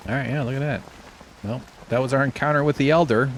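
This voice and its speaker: A man's voice: medium pitch, fairly even intonation, fast talker, slight background noise. A man streaming a survival game who rambles in casual commentary, swearing freely and joking at his own expense. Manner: rambling, swears freely, self-deprecating jokes.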